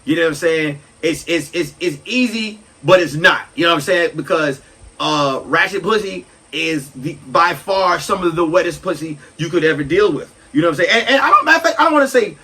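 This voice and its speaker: A man in his thirties hosting a solo comedy podcast, ranting loudly and animatedly and breaking into shouts. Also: fairly high pitch, fairly quick, slightly rough, far from the mic, poor audio. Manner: loud, animated, swings into shouting. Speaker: podcast host.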